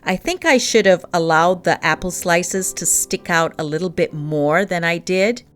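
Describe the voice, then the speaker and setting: A woman's voice: fairly low pitch, a little slow, faint music behind. A woman vlogger chatting casually and cheerfully about how her baking turned out. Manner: chatty, self-assessing, upbeat. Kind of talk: casual baking vlog chat.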